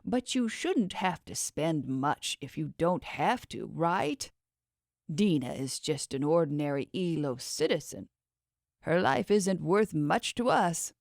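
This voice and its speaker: Woman doing a scheming man, smooth, persuasive, faintly sarcastic, lively intonation, unhurried. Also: low-pitched, no echo, studio quality, full character voice. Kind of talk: audiobook character voice.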